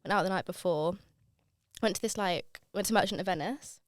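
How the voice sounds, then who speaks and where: Woman, 20s, podcast co-host. Quick, chatty storyteller with a smooth tone, close dry sound. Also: medium pitch, no echo. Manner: chatty storyteller, fast and animated. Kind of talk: casual chat.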